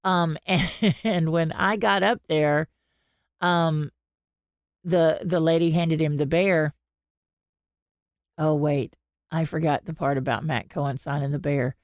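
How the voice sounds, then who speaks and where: A woman chats away on her podcast, spinning a long tale and slipping into the voices of the people in it. Her voice sits very low, and the recording is close and dry with no room sound. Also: takes it slowly, pauses often, dry recording, dull audio. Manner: chatty storyteller, animated quoting. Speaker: podcast co-host. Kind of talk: casual chat.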